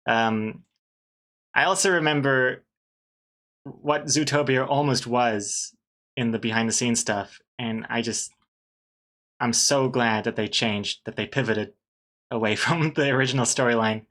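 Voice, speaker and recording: A man's voice: medium pitch, measured pace, pauses often, fairly bright tone. A man casually chatting on a live art stream while he draws, rambling, trailing off and laughing often. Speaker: artist streaming while drawing.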